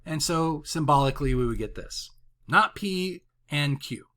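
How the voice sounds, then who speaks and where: A man's voice: on the high side, animated, measured pace, bright, forceful tone. A man teaching a college math lesson in a conversational way, using everyday examples and often checking in with "right?". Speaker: math instructor. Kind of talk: recorded lecture with writing tablet.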